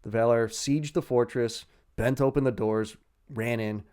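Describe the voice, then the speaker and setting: A man's voice: mid-range voice, fairly even intonation, measured pace, a little mellow, clean tone. A man casually retelling fantasy lore on a podcast with crude jokes and frequent laughs. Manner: crude jokey storytelling, laughs often. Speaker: podcast host telling lore.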